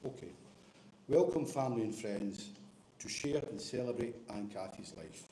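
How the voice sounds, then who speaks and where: A man's voice: mid-range voice, normal speed, warm tone. Man giving a friendly eulogy. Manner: friendly, light humor. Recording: echoey hall with faint noise.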